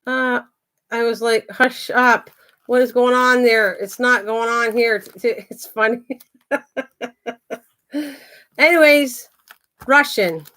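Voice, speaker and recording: An older woman hosting her own channel, chatting casually to the camera and talking to her pets as she goes. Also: on the high side. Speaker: craft and garden channel host.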